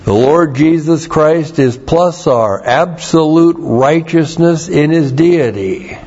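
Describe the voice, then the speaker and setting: Slow, deliberate preacher man, lo-fi. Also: on the high side, a little mellow. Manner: slow, deliberate, spells out Greek words letter by letter. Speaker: pastor. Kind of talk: expository Bible teaching sermon. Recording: dull lo-fi sermon recording.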